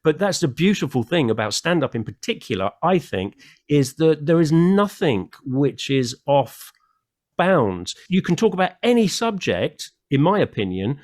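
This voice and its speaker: A man's voice: fairly high pitch, sing-song, normal speed, a little mellow. A man on a comedy panel, making his case reflectively through rhetorical questions. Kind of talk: casual panel chat.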